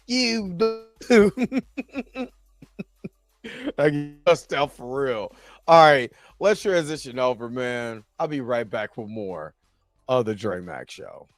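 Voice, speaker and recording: A man's voice: mid-range voice, dry recording. A man hosting a live reaction show, chatting loosely and joking around, rambling with frequent laughs. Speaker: host. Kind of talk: casual reaction livestream chat.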